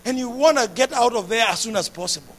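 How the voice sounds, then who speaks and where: A man preaching a sermon with passion, repeating phrases and building up to shouts. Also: very high voice, animated, fast.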